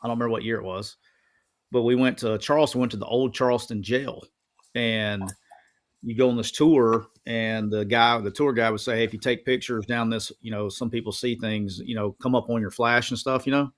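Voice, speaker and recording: A man in his thirties with a drawl, sitting in on a relaxed conversation. He tells his stories in an animated, rambling way, circling back and repeating phrases as he builds them up. His pitch sits in an ordinary middle range for a man. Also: fairly quick. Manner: animated, rambling storyteller who repeats himself. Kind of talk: casual storytelling chat.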